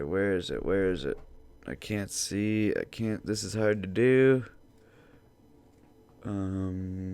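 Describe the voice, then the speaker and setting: A man's voice: low voice, noisy background. Profane man telling a rambling story. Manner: profane, rambling, repeats himself. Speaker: podcast host. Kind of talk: casual storytelling monologue.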